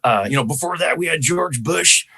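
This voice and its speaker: A man from Chicago with an American accent, a comedian talking as a podcast guest, animated and quick to slip into impressions. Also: a little high, creaky, breathy edge. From Chicago, USA. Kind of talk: podcast conversation.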